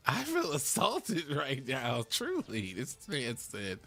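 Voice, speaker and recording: A man streaming a card game live, loud and playful, laughing and breaking into sudden high shouts and mock-preachy lines. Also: wildly swooping pitch, slow. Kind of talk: live gameplay commentary.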